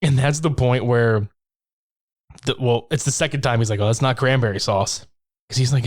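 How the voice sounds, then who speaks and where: A man on a podcast breezily walking through a horror film's plot, swearing freely. He laughs often and slips into quick impressions of the characters as he retells the scenes. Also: mid-range voice. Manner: profane, laughing, acts out lines from the film. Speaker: podcast co-host. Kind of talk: casual movie recap chat.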